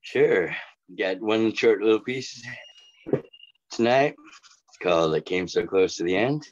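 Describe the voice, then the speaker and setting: A man's voice: on the low side, a little slow. A man at an online open mic reciting his own short poem in a plain, earnest way, joking modestly about his effort. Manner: plain, earnest, self-deprecating between verses. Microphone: video call. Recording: muffled lo-fi video call audio.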